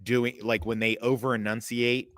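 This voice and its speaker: A man's voice: mid-range voice, little pitch movement, fairly bright tone, dry recording. Teasing American man, dry sound. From United States. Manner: teasing, quick retorts. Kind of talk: casual chat.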